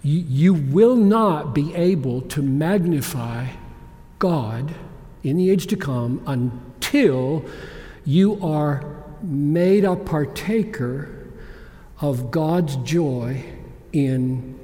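A man preaching a sermon, swinging between loud exclamations and hushed whispers. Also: fairly high pitch, animated, very slow. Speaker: pastor. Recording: long hall reverb.

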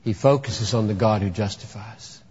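A man's voice: lowish voice, moderate pace, darkish tone, slightly rough. A man preaching a sermon, emphatic and dramatic, acting out courtroom scenes as he teaches. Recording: echoey hall, dull lo-fi sound.

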